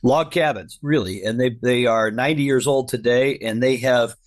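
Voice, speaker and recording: A man's voice: medium pitch, normal speed. A middle-aged man from the United States, a podcast guest, talking casually in an upbeat, grateful way and telling stories about his family. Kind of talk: casual conversation.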